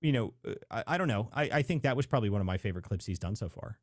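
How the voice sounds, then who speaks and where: A man's voice: fairly low pitch, animated, racing, no echo, studio quality. A man hosting a live political talk stream, rambling and emphatic, leaning hard on "like" as he opinionates. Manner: rambling, emphatic, heavy use of "like". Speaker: livestream political show host. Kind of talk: casual political commentary.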